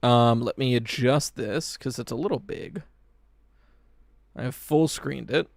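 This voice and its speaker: A man chatting casually on a live stream, reacting to a game trailer in an animated, excitable way and swearing casually as he talks to his chat. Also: mid-range voice, a little slow, vocal fry, no echo, studio quality.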